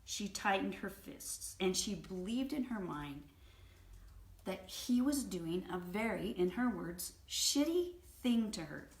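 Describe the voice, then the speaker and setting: A woman retells an anecdote for a book review, telling it vividly with her voice at a middle pitch. The recording is roomy, with a clear echo around her. She keeps a hosting, storytelling flow. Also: lively intonation, takes it slowly.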